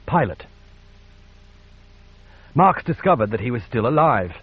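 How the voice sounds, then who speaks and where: A man with a husky, mid-pitched voice reads narration at a measured, steady pace. The recording sounds dull and lo-fi. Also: no echo. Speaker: audiobook narrator. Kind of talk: scripted narration.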